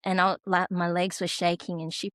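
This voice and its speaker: A woman's voice: lowish voice, little pitch movement, normal speed, fairly bright tone, no echo. An Australian woman, a podcast guest, telling an emotional personal story. She is close to tears and often restarts her sentences.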